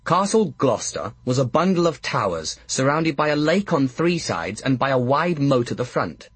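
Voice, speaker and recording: A man narrating an audiobook in a measured, first-person storytelling manner. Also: medium pitch, big pitch swings, slightly rough, dry recording.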